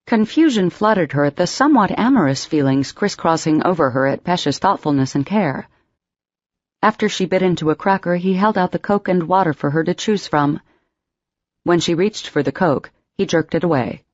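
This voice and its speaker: A woman's voice: lowish voice, expressive, normal speed, dry recording, muffled recording. A woman narrating an audiobook, reading steadily. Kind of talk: scripted narration.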